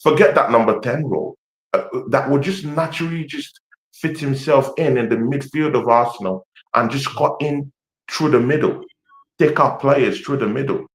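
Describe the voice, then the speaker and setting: A man's voice: mid-range voice, moderate pace. A man with an African accent talking passionately about football on a podcast, full of fillers and repeats. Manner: passionate, repetitive, hesitant with lots of fillers. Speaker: Arsenal fan pundit. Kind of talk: animated football podcast chat. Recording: roomy echo.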